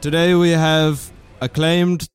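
A man's voice: on the high side, level tone, takes it slowly, clear, resonant tone, soft background music, voice pushed up. A man playing a formal German cable-TV presenter in a mock announcer voice.

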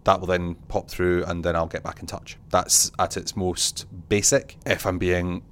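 A man's voice: sits low, moderate pace, smooth. A man, a venue manager and artistic director, chatting in an interview and acting out his own reactions. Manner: animated, acts out quoted reactions, laughs often. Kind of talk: casual conversational interview.

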